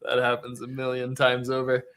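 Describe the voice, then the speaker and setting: A man's voice: medium pitch, completely flat delivery, moderate pace, a bit bright, smooth. A man in a friendly, teasing podcast chat, talking with other dent repair technicians.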